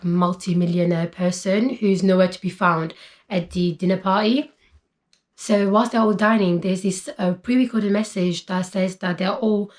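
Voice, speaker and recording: Chatty young woman talking about books. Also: mid-range voice. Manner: chatty, lots of fillers like "like" and "basically". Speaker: book vlogger. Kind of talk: casual book haul chat.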